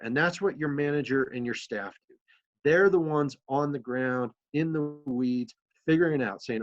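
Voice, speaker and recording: A man's voice: fairly high pitch, normal speed, lo-fi sound. Man talking through a council training. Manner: conversational, storytelling with fillers. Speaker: city manager giving a training presentation. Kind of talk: presentation to a council.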